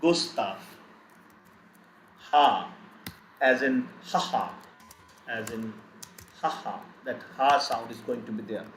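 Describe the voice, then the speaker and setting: A man's voice: medium pitch, slow, long pauses, fairly bright tone, a little hiss or hum. A man teaching German pronunciation in a live online lesson, going through the alphabet and saying each sound several times. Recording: echoey room, faint keyboard typing.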